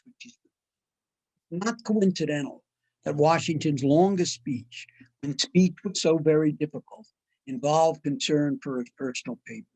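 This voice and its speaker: An older man giving a measured, deliberate history lecture, with frequent "uh" fillers. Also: fairly high pitch, darkish tone, no room sound, low-quality recording. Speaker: guest lecturer. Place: online talk.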